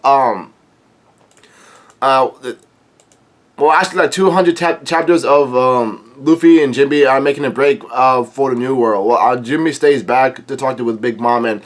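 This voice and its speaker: A man reading a comic aloud for a reaction video, halting, with many fillers and restarts. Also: mid-range voice.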